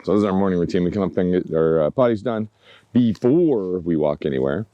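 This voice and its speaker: A man's voice: low-pitched, fairly quick, dry recording, highs cut off. A man who trains dogs, talking casually to a handheld camera outdoors while he walks his dogs and coaxes them with pet names. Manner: relaxed, chatty, coaxing dogs with pet names. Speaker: dog trainer. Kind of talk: casual vlog narration while walking dogs. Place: outdoors in a yard by woods.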